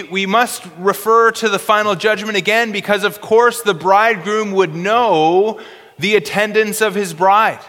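A man preaching an expository sermon in an earnest way, slowing down for emphasis and often repeating words. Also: high voice, pushed and bright, big-room sound.

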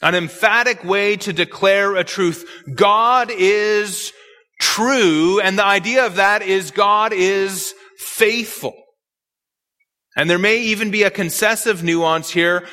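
A man preaching an expository sermon, emphatic and measured, with repetitions. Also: sits high, steady tone, bright, forceful tone, long reverb tail.

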